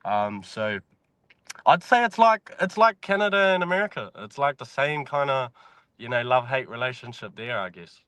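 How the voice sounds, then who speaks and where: A man's voice: mid-range voice, expressive, moderate pace, fairly bright tone, smooth, dry recording. Laid-back New Zealand man, dry sound. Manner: laid-back, swears freely, says "bro" a lot. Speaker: podcast guest, mine worker. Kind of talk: casual chat.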